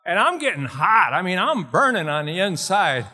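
Older male preacher, bright tone, lively storyteller who laughs and shouts now and then. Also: high-pitched, normal speed, few pauses, husky. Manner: animated, laughs often, jumps to shouting. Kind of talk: storytelling sermon.

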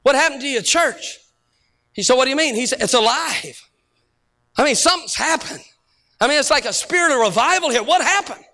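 A middle-aged man preaching as a pastor, telling stories to his congregation and rising to shouted peaks. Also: extremely high pitch, lively intonation, brisk, pauses often. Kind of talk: sermon.

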